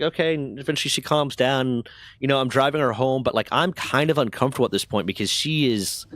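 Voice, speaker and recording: A man's voice: medium pitch, fairly bright tone, dry recording. A man casually telling a long story to a live chat, rambling and self-deprecating with lots of fillers.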